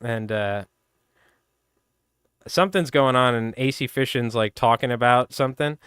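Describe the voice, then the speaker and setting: A man with a Long Island accent hosts a livestream and chats loosely, telling one story after another with plenty of laughter. His voice is smooth and clear. It sounds close and dry, recorded on a desk mic at his streaming setup. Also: mid-range voice, normal speed, no room sound. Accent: Long Island New York. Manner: rambling, laughing, animated storyteller. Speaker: fly tying livestream host. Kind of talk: casual storytelling chat.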